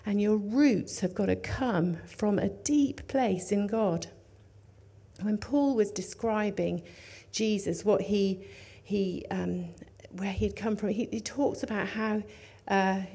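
A woman preaching a sermon in an earnest, conversational way, dropping to hushed tones and rising for emphasis. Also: mid-range voice.

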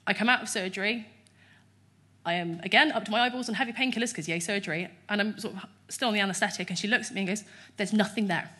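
A woman, giving a chatty, animated testimony in an interview at church. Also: mid-range voice, fast talker.

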